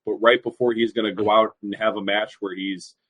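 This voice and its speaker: A man in a casual podcast chat, relaxed as he tells an anecdote. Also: on the low side, brisk, husky, no room sound, low-quality recording.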